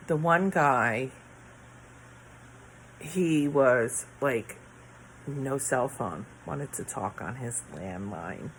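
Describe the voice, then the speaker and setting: A woman's voice: a bass voice, lively intonation, slow, slight background noise, poor audio. A tired middle-aged woman rambling late at night in her bedroom, yawning and sighing as she trails off mid-thought. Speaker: vlogger. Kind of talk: casual late-night chat to camera.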